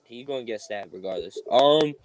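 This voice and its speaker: A man trades jokes with friends on a podcast, his speech loose and full of slang. His voice sits at an ordinary pitch for a man. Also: animated, moderate pace, crowd noise. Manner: joking, loose slangy banter. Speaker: podcast co-host. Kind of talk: casual chat.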